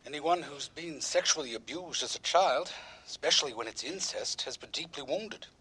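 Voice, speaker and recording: Brief: calm psychologist on the radio, husky voice, measured delivery. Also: male voice, on the high side, full character voice. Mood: earnest. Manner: measured, earnest. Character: calm, authoritative male psychologist.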